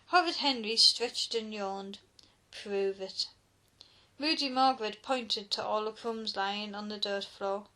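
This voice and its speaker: A woman reading a children's storybook aloud in an expressive narrating voice. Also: mid-range voice, a little slow, few pauses.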